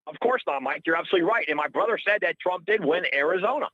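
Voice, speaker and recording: A middle-aged caller to a radio show goes on a heated, rambling, indignant rant, repeating himself. He speaks very fast in a high-pitched voice, and the audio is narrow and tinny.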